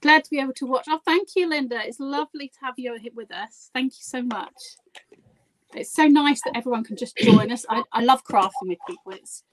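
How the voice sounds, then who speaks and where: A woman's high voice moves a little fast as she guides a live craft demonstration as the guest crafter. She laughs, chats, and pokes fun at herself. A slight hiss or hum runs through the poor-quality audio.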